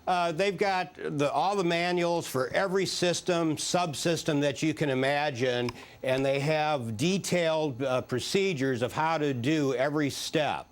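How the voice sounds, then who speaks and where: A man, a former space agency official, answering questions in a live TV news interview in a measured, hesitant way with frequent fillers. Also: fairly high pitch.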